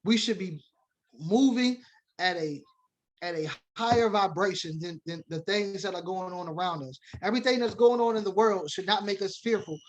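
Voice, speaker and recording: The recording is low quality, capturing a man with a high-sitting voice speaking at normal speed. He teaches a sermon-style Bible lesson to a congregation, reading scripture, defining terms, and alternating between emphatic preaching and casual comments.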